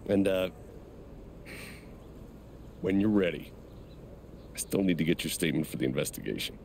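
Kind small-town sheriff in a game, real low gravelly voice. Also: male voice, animated, normal speed, darkish tone, slight background noise. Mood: gentle. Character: calm kindly male small-town sheriff.

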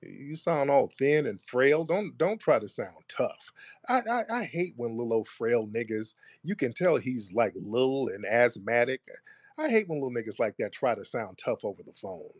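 A man hosting a live online audio room, taunting and talking down to a caller with slow, deliberate jabs. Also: mid-range voice, big pitch swings, no echo. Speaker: host. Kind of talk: confrontational live audio chat.

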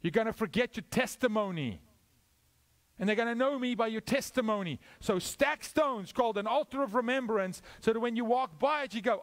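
Male guest preacher. Sermon delivery, a bit high-pitched and very dynamic, from loud to near whisper. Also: animated, a little fast. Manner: preaching with swings from loud peaks to hushed, low asides.

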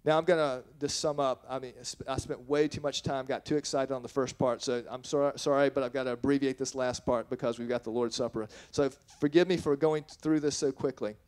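A man's voice: mid-range voice, steady tone, brisk, few pauses, darkish tone. A man preaching a sermon as pastor, earnest and plain-spoken, reading scripture and then explaining it, often restarting his sentences. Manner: earnest, with frequent restarts and self-corrections.

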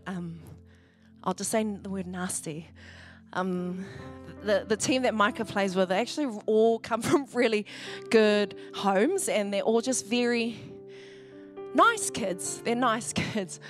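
A woman pastor speaks slowly at a medium pitch in a conversational church-hall sermon, with soft music playing in the background. She's talkative, laughs often, and reenacts what others said.

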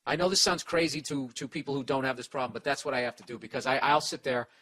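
A male comedian on his podcast, ranting profanely as he gives advice, with a voice of ordinary middle pitch. He rambles, restarts his sentences and jumps into quick mock voices for the people in his stories. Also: steady tone, pushed and bright.

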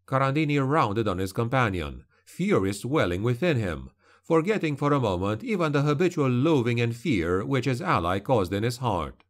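A man's voice: mid-range voice, big pitch swings, moderate pace. Grave male audiobook narrator. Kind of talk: dark fantasy audiobook narration.

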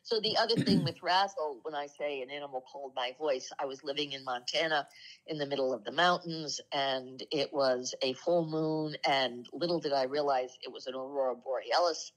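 A woman telling heartfelt personal stories in a casual spiritual talk, earnest and slowing down softly for the emotional moments. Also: very deep voice, low-quality recording. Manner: earnest, slows down and drops soft for emotional moments. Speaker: co-host of a spiritual talk show. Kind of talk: casual conversational storytelling.

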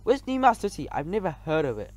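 A man's voice: high-pitched, very animated, brisk. A man reading aloud, voicing a haughty, scornful rat doorman who sneers at a visitor. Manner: sneering, disbelieving.

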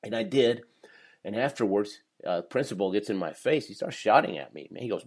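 A man's voice: on the low side, lively intonation, brisk, a little mellow, slightly rough. A man in his fifties, a professional speaker, telling his life story in a podcast interview with energy and frequent laughter. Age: 50s.

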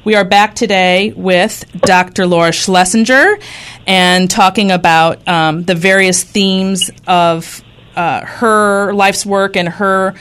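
A woman's voice: medium pitch, steady tone, slow, fairly bright tone, smooth. A woman hosting a radio interview show, speaking earnestly and a little hesitantly. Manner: hesitant, many ums and restarts, earnest. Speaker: radio talk show host.

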